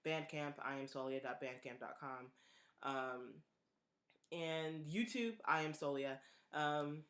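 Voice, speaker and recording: A low-pitched woman from Prince George's County, Maryland, a suburb of the state, hosts her own live stream as a singer-songwriter. She answers viewer questions in a relaxed, earnest manner, thinking aloud with pauses and restarts.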